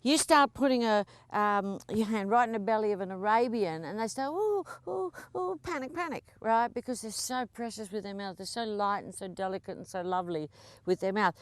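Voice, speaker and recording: A woman's voice: mid-range voice, a little fast, clean tone, no echo. A woman riding instructor coaching a rider through a lesson at a horse arena, chatty and encouraging, with frequent laughs.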